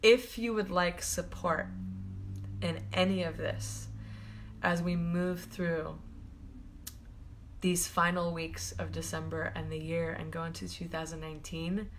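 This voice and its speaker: A woman's voice: on the low side, fairly even intonation, unhurried, long pauses, a little hiss or hum. A woman hosting a live stream as a spiritual coach, gushing and affectionate, laughing often and rambling loosely with lots of fillers. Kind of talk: live-stream talk to viewers.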